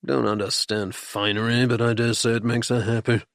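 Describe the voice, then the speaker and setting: A man voicing a blustering, jocular middle-aged aristocratic duke in an audiobook, gruff and clipped. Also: medium pitch, flat delivery, normal speed, no room sound, clean studio sound, lightly acted.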